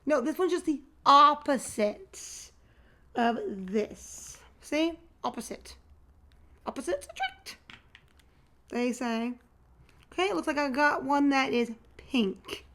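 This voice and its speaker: Chatty woman vlogger, slightly high voice. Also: slow. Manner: chatty, thinks aloud, excited squeals. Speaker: nail art vlogger. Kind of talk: casual unboxing and nail tutorial chat.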